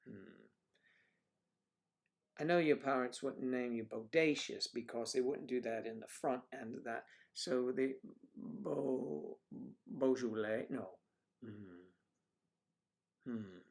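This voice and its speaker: A man hosting a casual livestream from home, greeting viewers and musing over their names with slow hums. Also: medium pitch, vocal fry. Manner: musing, drawn-out hums between comments. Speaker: livestream host reading chat. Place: at home with TV in background.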